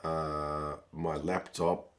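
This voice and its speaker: A low-voiced man hosts a live watch-along stream, answering viewers by name in a loose, chatty way. His voice is hoarse and rough, close to giving out. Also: flat delivery, drawn-out words, fairly bright tone. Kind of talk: live stream chat reading viewer comments.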